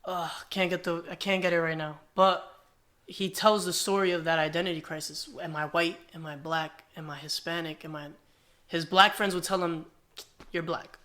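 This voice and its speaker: Bright-voiced man telling animated stories. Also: a little high, moderate pace. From New Jersey, US. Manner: animated storytelling, acts out quoted exchanges. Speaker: rapper guest. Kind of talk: casual podcast chat.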